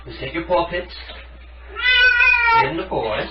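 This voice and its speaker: A man's voice: lively intonation, takes it slowly, pauses often, distant mic, over loud music. A man soothing and coaxing a pet during bath time, recorded at home in a bathroom. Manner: coaxing, swinging high and low. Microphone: camera set on the sink. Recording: echoey, muffled bathroom recording from afar.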